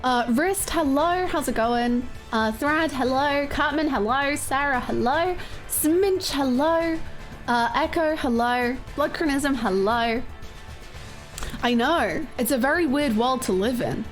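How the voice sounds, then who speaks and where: A woman's voice: high-pitched, takes it slowly, soft background music. Bubbly, chatty woman streamer with a scratchy voice. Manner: chatty, bubbly, laughs often. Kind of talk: casual chat greeting viewers.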